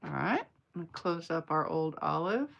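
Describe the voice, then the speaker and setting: A woman's voice: low-pitched, very animated, unhurried, creaky, dull audio, noisy background. A woman, chatting playfully with viewers while demonstrating card-making live. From Atlanta area, US. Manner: chatty and playful, bantering with viewers mid-demo. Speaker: craft demonstrator.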